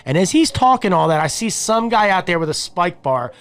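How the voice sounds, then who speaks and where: A man hosting a podcast, telling a long story in a rambling, animated way, often repeating words and chuckling mid-sentence. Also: high voice, brisk. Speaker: podcast host. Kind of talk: casual chat.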